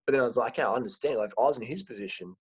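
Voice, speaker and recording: A husky-voiced man talks frankly in a loose, rambling way, often restarting his words. The sound is dry and a little dull, like a lo-fi home recording. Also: mid-range voice, very fast, no room sound. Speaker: host. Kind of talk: casual chat.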